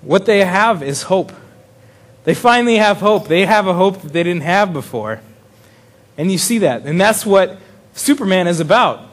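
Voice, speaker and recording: A man's voice: high-pitched, lively intonation, normal speed. A man preaching a casual sermon in a chatty way, chuckling often and restarting his sentences. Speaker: pastor.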